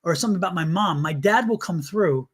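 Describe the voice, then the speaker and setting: A man's voice: sits high, a little fast, breathy edge. A man hosting a live tarot stream, talking to viewers in an earnest, blunt and chatty way. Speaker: tarot reader and livestream host.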